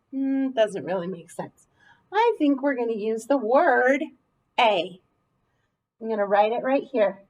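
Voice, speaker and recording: A woman teacher leading an early reading lesson in a slow, clear, encouraging way. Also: a little high, low-quality recording.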